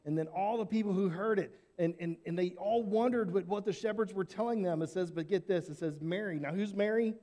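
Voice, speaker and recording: High-voiced man telling a children's Bible story. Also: a little fast, hardly any pauses. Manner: animated, casual, asks the listeners questions.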